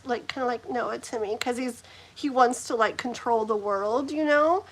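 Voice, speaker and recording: A middle-aged woman with a high-pitched voice tells a story on her live stream. Her talk is casual and animated, full of laughter and "like". She acts out the people in her story as she goes. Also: moderate pace. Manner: animated, laughing often, heavy use of "like". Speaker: host of a live challenge stream.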